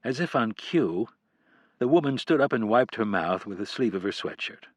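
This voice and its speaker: A male audiobook narrator reads in a low, measured voice and slows down on key details. The recording is dry and close-miked, with no room sound at all. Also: animated, no echo. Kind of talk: scripted narration.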